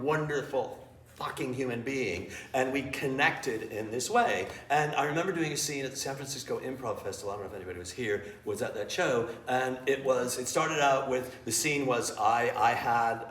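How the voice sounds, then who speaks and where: A man's voice: medium pitch, normal speed, far from the mic. A man, an improv teacher, telling stories to a live audience in a small theater with blunt, profane candor. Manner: blunt and profane, freely swearing; animated storyteller who acts out scenes. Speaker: improv teacher and interview guest. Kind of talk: candid storytelling before a live audience. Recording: echoey room, voice from afar, faint ambience.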